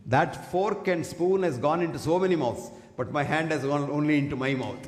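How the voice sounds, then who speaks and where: A man's voice: a little high, moderate pace, few pauses. A man giving an emphatic public health talk to an audience, standing at a single microphone and often asking the listeners questions. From India. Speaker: speaker addressing an audience. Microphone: single fixed microphone, standing. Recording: echoey hall with long reverb.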